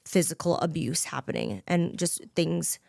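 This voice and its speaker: Earnest woman, thirties, low-pitched, dry close sound, heartfelt podcast talk. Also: unhurried, creaky, a little mellow, no echo. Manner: earnest, heartfelt, repeats "you know" and "like". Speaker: podcast guest. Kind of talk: candid personal conversation. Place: podcast studio.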